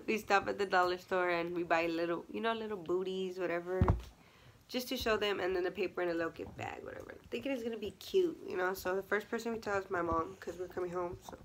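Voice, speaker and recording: With a medium-pitched, slightly bright voice and lively intonation, the young woman talks briskly in her casual storytime vlog. She's chatty, laughing and using many fillers while acting out what others said, with slight background noise behind her.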